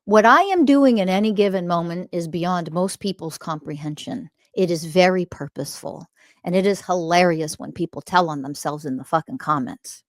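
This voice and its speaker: A woman hosting a podcast, delivering a confrontational, profane ranting monologue that swings from loud emphasis to quiet muttering. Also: fairly low pitch, moderate pace, dry recording, studio quality. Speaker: podcast host.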